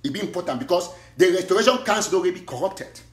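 An impassioned man with a Cameroonian Pidgin English accent rants in a high, strained register. He slides between pidgin and English, firing off bursts of argument. His voice bounces around an echoey room. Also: expressive, racing. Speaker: online activist commentator. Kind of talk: fiery livestream monologue.

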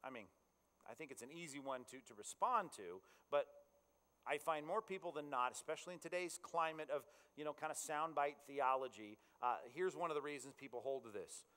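A man's voice: fairly high pitch, lively intonation, a little fast, sharp tone. Chatty male pastor in an echoing hall. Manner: conversational, checks in with the audience. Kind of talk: sermon. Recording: long reverb in a large hall.

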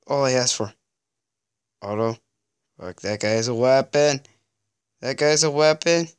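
A man giving let's-play commentary, exasperated and stammering, often pleading out loud with the game. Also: medium pitch, unhurried, pauses often, clear, resonant tone. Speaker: gaming video creator.

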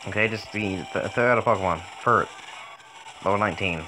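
A man with a lowish voice talks fairly quickly over background noise while casually commenting on a video game. He jokes, swears, and talks back to the game.

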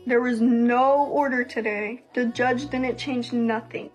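A young woman vents on her livestream in a fairly high voice, blunt and heated, swearing freely. Faint music plays behind her. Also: steady tone, takes it slowly. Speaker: livestream host. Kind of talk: casual livestream venting.

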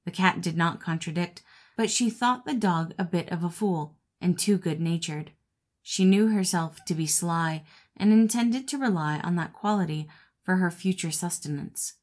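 Woman audiobook narrator, fairly low voice, steady expressive storybook reading. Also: normal speed. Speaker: audiobook reader.

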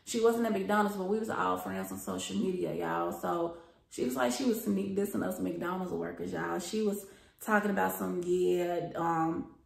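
A young woman with a low, gravelly voice spills a workplace storytime straight to her viewers. She talks in a loose, chatty, profane gossip style, and the sound bounces around a roomy space. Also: normal speed. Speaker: storytime vlogger. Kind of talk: casual storytime. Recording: roomy echo.

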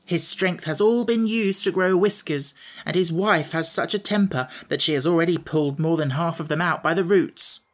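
A man's voice: on the high side, moderate pace, close to an everyday voice. A man reading an audiobook, voicing a bold and scornful young female rebel general.

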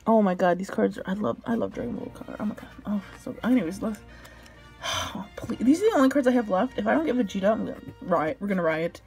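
A young woman opening trading cards, gushing as an excited fan with gasps and laughter. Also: medium pitch, fast. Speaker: card unboxing vlogger. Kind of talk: excited unboxing commentary. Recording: faint background music.

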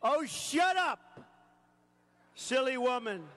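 Man doing a sly male snake, high-pitched and unhurried, repetitive pleas, recited-poem feel, big hall reverb. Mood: sneering. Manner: pleading then sneering, repetitive. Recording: long reverb of a large rally hall.

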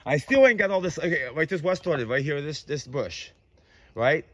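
A man vlogging outdoors in the woods, rambling excitedly and joking as he goes. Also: on the high side, normal speed, no echo. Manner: excited, rambling, talks to mushrooms playfully. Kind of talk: casual outdoor vlog narration.

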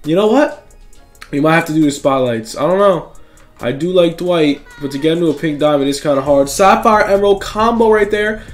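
A young man giving casual commentary while opening game packs, excitable, swinging from gloomy muttering to shouted joy. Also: fairly high pitch, fairly quick, soft background music. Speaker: gaming YouTuber.

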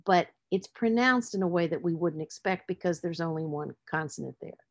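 Woman literacy instructor, lower voice, patient explanatory lecture delivery. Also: moderate pace. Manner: explanatory, spells out letters, stresses words for emphasis. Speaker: literacy teacher. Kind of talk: presenting a lecture on word structure.

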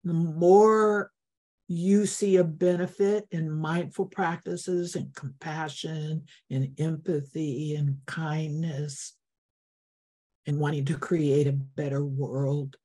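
Slow, earnest older woman speaker. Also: low-pitched, fairly even intonation, dark tone. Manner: slow, earnest, encouraging, with repeated phrases. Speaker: guest speaker. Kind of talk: heartfelt talk to an online meditation group. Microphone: video call.

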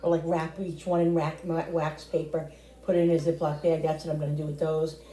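A woman's voice: sits low, flat delivery, brisk, mellow, roomy sound, low-quality recording. A middle-aged woman chatting casually to her viewers while cooking in her home kitchen. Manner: chatty, talks straight to viewers. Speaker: cooking vlogger.

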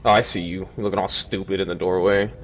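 A man's voice: deep voice, steady tone, fast, vocal fry, fairly bright tone, slight background noise. A man streaming a co-op game, chatting casually, swearing and laughing often. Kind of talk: casual co-op gameplay chat.

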